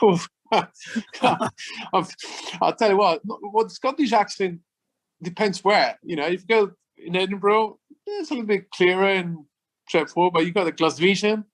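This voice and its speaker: Speaking at a normal speed in a high-sitting voice, a middle-aged man from Switzerland, a former footballer, is a guest in a casual interview. He's enthusiastic, repeats words as he goes, and phrases things like a non-native speaker.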